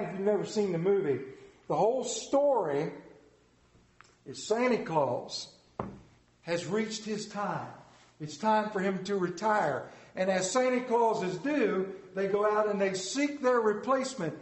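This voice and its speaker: A man preaching a sermon, telling stories dramatically with big swings in pitch and loudness. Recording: echoey room.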